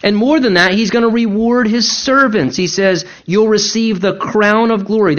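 A male pastor with a high-pitched voice delivers an earnest sermon, urging his listeners and hammering home key words. His pace swings between slow, weighty phrases and quick bursts. The recording sounds dull and muffled. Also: fairly bright tone. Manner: earnest exhorting preacher, repeats key words, varies pace for emphasis.

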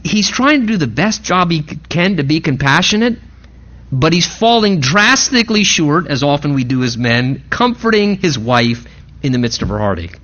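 A man preaches with a fairly high voice, talking to the congregation in a conversational, animated way and often restarting his sentences. The recording is muffled and lo-fi. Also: normal speed. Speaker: pastor. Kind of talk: sermon.

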